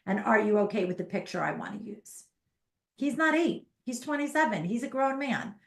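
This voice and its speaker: A woman in her fifties chatting as a parenting coach, with a gravelly edge in her voice. She talks animatedly and leans hard on her points. The sound is roomy and echoey. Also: fairly high pitch, moderate pace. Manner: animated, emphatic, acts out parents and kids in quotes. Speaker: ADHD parenting coach, podcast guest. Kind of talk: casual interview chat. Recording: echoey room.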